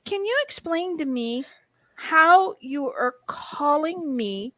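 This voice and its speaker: Woman host chatting on a podcast, kinda high voice, dry close sound. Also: lively intonation, takes it slowly, fairly bright tone, no echo. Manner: chatty, reads aloud and hums while searching. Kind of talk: casual chat.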